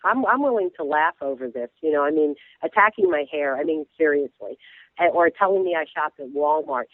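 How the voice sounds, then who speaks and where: A woman from Florida calling in as a guest blogger, chatty and self-deprecating, quick to laugh. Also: low-pitched, animated, no room sound. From Florida, USA. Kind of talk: phone interview. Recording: tinny phone line, dry.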